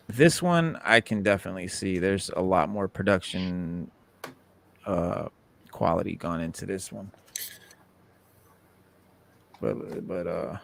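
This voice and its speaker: A man hosting a podcast in excitable, casual chat with frequent stumbling restarts. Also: low-pitched, gravelly. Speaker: podcast host.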